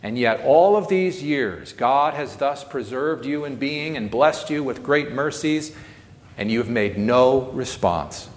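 A man's voice: medium pitch, lively intonation, a little slow, in a large hall. A man delivering a sermon in an earnest, solemn way, rising to emphatic swells. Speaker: preacher. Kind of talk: sermon reading.

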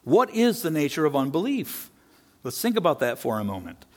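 A male pastor delivers a sermon in an animated voice that rises and falls widely. He presses his points with rhetorical questions and answers them himself. His voice sits a little above the usual male pitch. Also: normal speed. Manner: emphatic preaching with rhetorical questions; animated, rising and falling delivery.

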